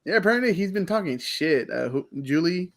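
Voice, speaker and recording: A man's voice: high voice, animated, brisk, creaky. Venting, swearing man on a podcast. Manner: vents about bosses, mocking, swears. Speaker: podcast co-host. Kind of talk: profane casual chat.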